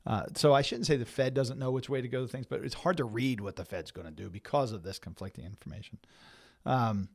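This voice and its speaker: Man hosting a halting financial webinar. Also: medium pitch, creaky, dry recording, studio quality. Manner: halting, many fillers and restarts, reads quotes aloud. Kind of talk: webinar talk reading and explaining market news.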